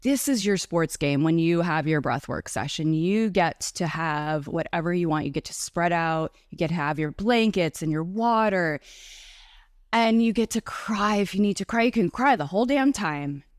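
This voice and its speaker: A woman's voice: fairly low pitch, animated, moderate pace, dry recording, studio quality. A woman from the New York area, a breathwork and Reiki facilitator, chatting enthusiastically as a guest in a casual interview.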